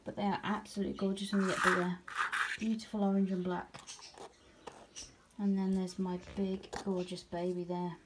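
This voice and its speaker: A young British woman in a casual home vlog, showing off her new pet tarantula and often slipping into a high, slow baby voice to coo at it. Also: flat delivery, noisy background. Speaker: vlogger showing her pets.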